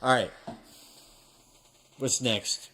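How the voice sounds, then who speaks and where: A man's voice: medium pitch, steady tone, drawn-out words, sharp tone, a little hiss or hum. A man talking casually through his mixing session on a live stream, rambling and thinking aloud with a self-deprecating streak. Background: faint music playback from his mix.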